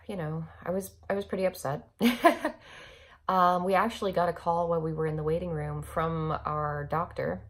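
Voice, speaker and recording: A woman's voice: low voice, gravelly. A young woman candidly telling an emotional personal story as a vlogger, with nervous laughs and frequent restarts.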